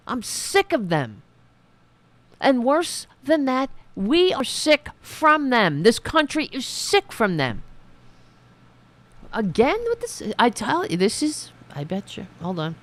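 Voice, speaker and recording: A woman's voice: fairly high pitch, very animated, takes it slowly. A woman hosting a casual political show, ranting angrily and swearing. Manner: angry ranting, profane. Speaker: political talk show host. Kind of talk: casual live-stream talk.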